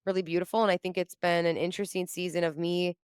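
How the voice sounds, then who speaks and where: A woman guest on a podcast telling a story in casual chat, animated and laughing often as she acts out her own quotes. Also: on the low side, fast talker, smooth, dry recording, studio quality. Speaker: podcast guest, comedian and entrepreneur.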